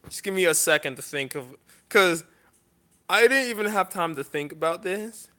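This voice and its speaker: A man talking off the cuff in a list vlog, halting and earnest, pausing often and restarting his sentences with frequent apologies. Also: sits high, animated, pushed and bright. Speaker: vlogger.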